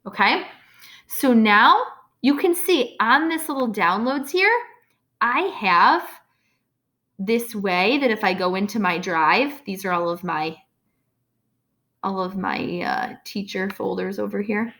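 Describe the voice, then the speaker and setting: A woman's voice: mid-range voice, slow, long pauses, pushed and bright. A woman teacher explaining a computer task step by step, often checking in with "okay?". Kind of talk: screen-recorded software tutorial.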